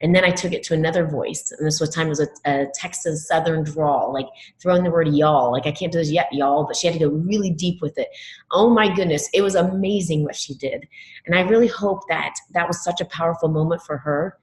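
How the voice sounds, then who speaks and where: A middle-aged woman giving a motivational talk to educators, telling animated classroom stories and acting out what students say. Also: sits low, brisk, rough recording. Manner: animated storytelling, acts out quoted students. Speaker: education speaker.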